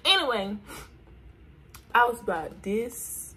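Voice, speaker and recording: With a fairly high, sharp voice that swings widely in pitch, a woman beauty vlogger talks slowly as she gets ready. She jokes with viewers and tosses out slangy asides in a casual get-ready-with-me chat. The camera mic picks her up while she does her makeup.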